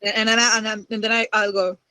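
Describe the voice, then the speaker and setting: A woman's voice: a little high, little pitch movement, rapid-fire, bright, forceful tone, clean tone, no echo, poor audio. A woman student in an online class, asking a question politely and hesitantly. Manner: polite, hesitant, apologizes and restarts.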